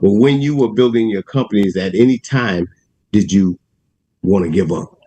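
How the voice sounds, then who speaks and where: A man's voice: on the low side, mellow, rough recording. A man hosting a conversation, reacting briefly and reading questions from the chat to his guest. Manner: reads audience questions, quick affirmations. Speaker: host. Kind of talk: casual chat.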